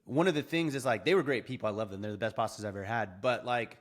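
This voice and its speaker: A young adult man, a podcast guest, telling his story in an animated, casual way and acting out quoted dialogue. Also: lowish voice, fast.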